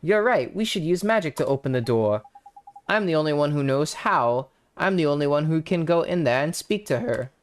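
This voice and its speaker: A woman's voice: low-pitched, lively intonation, normal speed, pitched below the performer's own voice. A woman voicing an earnest, determined young boy hero who pleads to help a friend.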